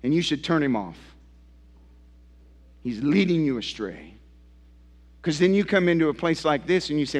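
Impassioned high-voiced pastor preaching. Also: male voice, animated, normal speed, long pauses, long reverb tail. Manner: impassioned preaching with rising and falling emphasis. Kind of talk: sermon. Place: church sanctuary.

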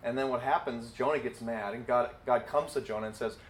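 A man teaching a sermon in a relaxed, conversational way, full of fillers like "like" and "you know". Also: medium pitch, fairly quick, slight background noise, low-quality recording. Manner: conversational, with many fillers and acted quotes. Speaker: Bible teacher.

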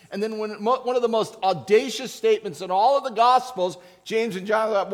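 A man preaching a conversational sermon, acting out Bible characters in quick asides. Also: high-pitched. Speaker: pastor.

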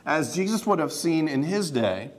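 A man's voice: a little high, very animated, normal speed. A man preaching a sermon, emphatic and direct, asking the congregation rhetorical questions. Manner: emphatic preaching, building to loud repeated stresses. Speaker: pastor.

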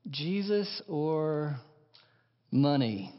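A man preaching a sermon as pastor, impassioned, dropping to hushed lines and rising to emphatic ones. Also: a little high, lively intonation, unhurried. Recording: dull sound in a large reverberant hall.

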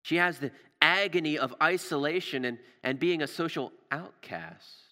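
A man preaching a sermon with passion, repeating words and dropping to a hush for emphasis, recorded in a church. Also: a little high, moderate pace. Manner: impassioned, repeats words, drops to hushed emphasis. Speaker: pastor. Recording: long reverb of a large hall.

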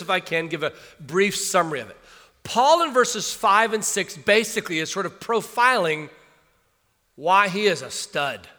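A male pastor delivering a sermon with a high, bright voice that rises and falls in animated swings. He reads the scripture passage, then breaks it down in a loose conversational manner. His voice carries the long reverb of a large hall.

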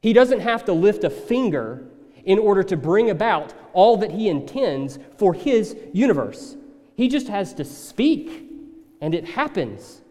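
A man preaching a sermon in a conversational, animated way, slipping into acted asides. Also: high voice, a little slow, long reverb tail. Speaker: pastor.

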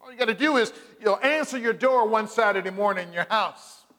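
Speaking fairly quickly with a high-pitched voice, this male pastor delivers a sermon that trails off into a long reverb. His call-and-response style has him asking the crowd "Amen?", and his lively stories are full of voiced characters.

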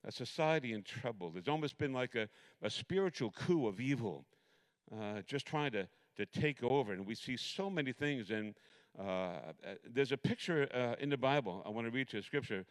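A middle-aged man preaching a sermon, telling a personal story in a rambling, animated way with many restarts. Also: medium pitch, normal speed.

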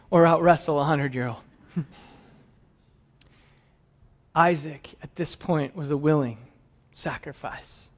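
A male pastor delivers a sermon as a dramatic story, often falling into hushed tones. His voice sits high, and the recording has a dull, lo-fi sound.

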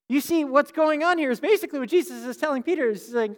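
A man's voice: extremely high pitch, animated, quick pace, hardly any pauses. Man preaching conversationally in an echoing hall. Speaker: pastor. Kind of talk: sermon.

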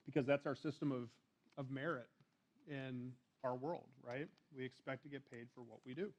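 A man's voice: mid-range voice, steady tone, normal speed, rough recording. A man preaching a sermon in a church, talking casually and reading scripture aloud. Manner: conversational, restarts and fillers, reads scripture aloud.

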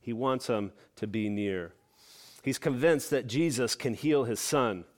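A man's voice: medium pitch, unhurried. Earnest middle-aged male preacher. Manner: earnest expository preaching, conversational asides. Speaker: pastor. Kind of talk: sermon.

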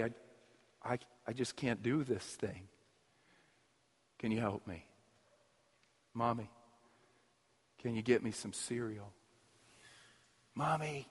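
A man voicing a small child asking their parents for help, speaking softly and hushed. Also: medium pitch, slightly rough, pitched below the performer's own voice. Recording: long hall reverb.

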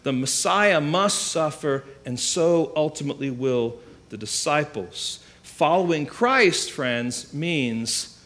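Man preaching a sermon, rather high. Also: expressive, takes it slowly, a bit bright. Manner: emphatic teaching with rhetorical questions. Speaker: pastor.

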